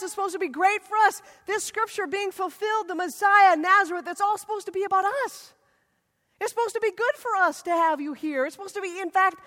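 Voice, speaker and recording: An excited small-town crowd, gushing over its hometown hero in a high, giddy register, put on by a woman preacher. The voice rings out with a long hall reverb. It sounds like a sermon story told to a live room. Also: heavily acted. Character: excited then indignant hometown crowd, mixed ages.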